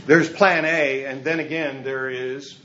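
A man's voice: mid-range voice, steady tone, slow, sharp tone, muffled recording. A man preaching a sermon in a conversational, humorous way, chuckling as he goes. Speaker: pastor.

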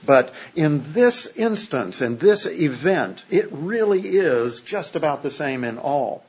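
Husky-voiced man preaching casually. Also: a little high, big pitch swings, slow pace, a little mellow, highs cut off. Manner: conversational, joking, checks in with "okay?". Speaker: pastor. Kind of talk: sermon.

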